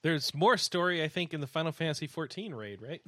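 A man's voice: a little high, expressive, fairly quick, sharp tone, no room sound, clean studio sound. A man in his forties co-hosting a podcast, playful and teasing, hamming up mock drama in casual chat. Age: 40s. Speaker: podcast co-host.

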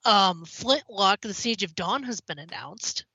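A woman co-hosting a gaming podcast, reading news in casual chat, a little hoarse, with lots of ums. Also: mid-range voice, animated, a little slow, pushed and bright, no room sound. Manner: chatty, many ums, slightly hoarse. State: slightly hoarse. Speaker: podcast co-host. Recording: slightly dull, dry.

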